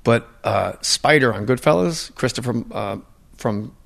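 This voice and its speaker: A man's voice: mid-range voice, lively intonation, unhurried, gravelly, fairly bright tone. A man who is a podcast guest, chatting casually and rambling through stories with many asides. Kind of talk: casual chat.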